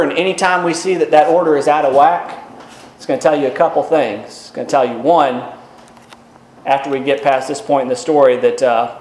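Preacher man in a roomy echo. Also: on the high side. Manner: explanatory, conversational, asks rhetorical questions. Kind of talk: expository sermon.

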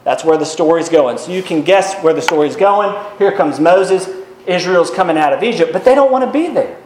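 A male preacher with a fairly high voice, taking his listeners through scripture in an easy, conversational way. He asks rhetorical questions as he goes. The sound carries a roomy echo. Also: animated, brisk. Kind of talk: expository sermon.

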